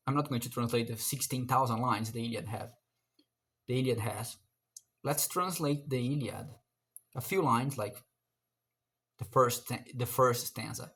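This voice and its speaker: A young man in a casual solo monologue, mid-pitched and ordinary in tone. He rambles in an excitable, self-mocking way, with sudden loud leaps up in pitch. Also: measured pace, long pauses. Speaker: language learner vlogger.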